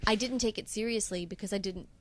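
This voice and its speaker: A young woman with a New York accent chatting in an interview. She talks in a lively, self-deprecating way with easy laughs. Her voice sits at a middle pitch and sounds a bit tired from jet lag. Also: quick pace. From United States. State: jet-lagged. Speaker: singer and impressionist guest. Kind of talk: casual interview chat.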